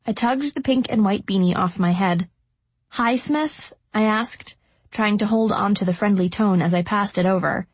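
Husky woman narrating an audiobook. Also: mid-range voice, normal speed, no echo. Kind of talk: first-person audiobook narration.

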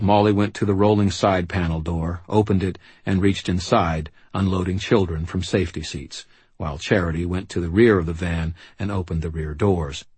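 A man's voice: low voice, a little mellow, breathy edge, no room sound. A man giving dry, wry first-person narration for an audiobook.

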